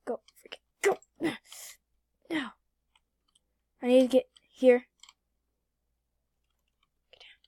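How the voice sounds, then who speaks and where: High-voiced excitable young gamer girl. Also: slow pace, long pauses, no room sound. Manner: excitable, repeats phrases, swings between whispers and shouts. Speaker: gaming YouTuber. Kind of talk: casual gameplay commentary.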